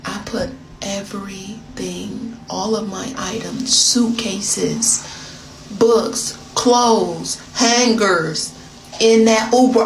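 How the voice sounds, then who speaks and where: A woman's voice: medium pitch, extremely slow. An American woman telling a chatty confession story straight to her viewers, talking to them like a friend. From United States. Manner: chatty, animated, addresses listener as girl. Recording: roomy, distant, noisy phone video.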